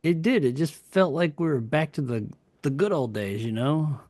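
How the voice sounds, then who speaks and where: A man's voice: fairly high pitch, normal speed, a little mellow, no room sound. A man co-hosting a podcast, chatting casually and rambling through a story about himself. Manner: rambling, self-deprecating storyteller. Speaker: podcast co-host. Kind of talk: casual chat.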